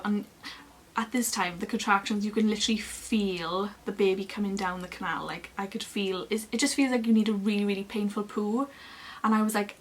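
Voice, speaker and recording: A young woman, chatting casually to camera as she tells a long personal story in an expressive, lively way. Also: mid-range voice, a little fast, slight background noise. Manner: chatty and expressive, acting out other people's lines. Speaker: beauty vlogger.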